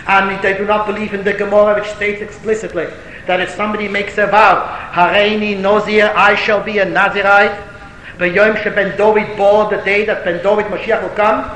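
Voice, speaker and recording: High-voiced man lecturing in an echoey hall. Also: steady tone, normal speed, a bit bright. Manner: storytelling, rising to emphatic declamation; mixes Hebrew and Yiddish terms. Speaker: rabbi answering a question. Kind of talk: Torah lecture. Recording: echoey hall with faint rumble.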